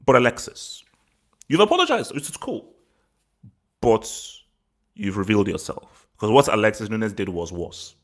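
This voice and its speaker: A man's voice: on the low side, huge pitch swings, normal speed, pauses often. A man from England hosting a football channel, giving his opinion in a rambling, casual vlog with frequent laughs and repeated words.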